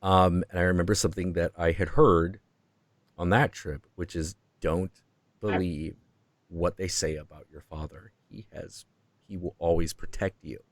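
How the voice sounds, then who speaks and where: A man hosting a stream who tells a story in a profane, excitable way and acts out the quotes. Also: low-pitched, normal speed, no room sound. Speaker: host.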